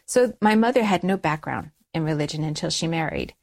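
A middle-aged woman telling a personal story as an interview guest, lively, raising her voice when she quotes people. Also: sits low, a little fast, vocal fry. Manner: animated storytelling, acts out quoted dialogue in a raised voice. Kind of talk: personal conversion story in conversation.

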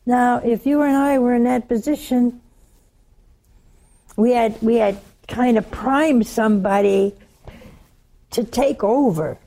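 Southern woman preacher, older, slow and mellow, animated storyteller who hushes for quotes. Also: on the high side. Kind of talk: sermon.

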